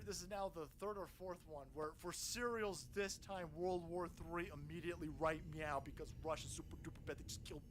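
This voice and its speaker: A man's voice: on the high side, fairly bright tone, a little hiss or hum, rough recording. A man in his thirties streaming a profane political rant, mocking and sarcastic, swearing constantly. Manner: puts on voices to mock people.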